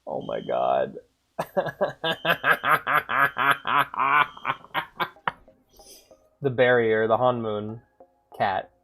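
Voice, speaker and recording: A man chats through a livestream as he reacts to videos. His talk is loose and sweary, with a lively, wide-ranging pitch that jumps from loud outbursts to low muttering. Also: drawn-out words, gravelly, long pauses, faint music behind. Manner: loose and profane, bursts of laughter; animated, swings between loud and muttered. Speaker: streamer.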